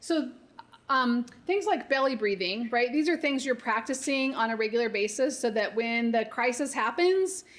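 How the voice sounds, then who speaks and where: A woman's voice: fairly high pitch, animated, normal speed. A woman therapist leading a parent workshop, coaching in a conversational way and often checking in with "right?". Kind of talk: live workshop talk.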